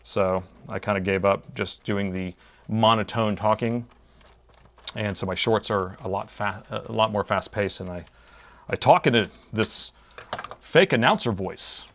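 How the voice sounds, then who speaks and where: A man's voice: on the low side, a little slow, fairly bright tone, slight background noise. A man chatting casually with his live-stream viewers while he repairs a laptop, talking to himself as he works.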